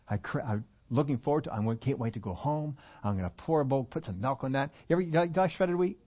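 Older man, pastor, sermon, folksy, conversational, middle pitch, slightly dull recording. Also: animated, fast talker, few pauses. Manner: folksy, conversational preaching with repetitions. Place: church.

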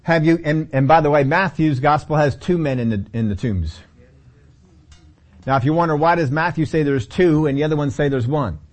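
A man's voice: a little high, normal speed. A man teaching a Bible study sermon in a conversational way, often repeating key phrases.

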